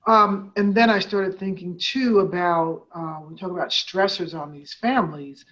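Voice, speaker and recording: Her voice lowish and a bit bright, the host moves at a moderate pace through a conversational interview. She leads a nonprofit and talks in a rambling way, with plenty of fillers and restarts. The recording sounds dull and lo-fi.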